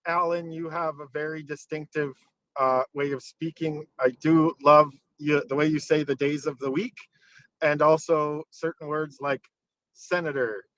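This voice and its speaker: Friendly teasing man, a bit high. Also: fairly even intonation, a little slow, fairly bright tone, rough recording. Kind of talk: casual chat.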